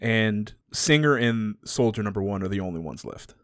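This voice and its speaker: A man's voice: lowish voice, expressive, normal speed, no echo, studio quality. A man chatting casually and retelling a story, laughing often and swearing freely.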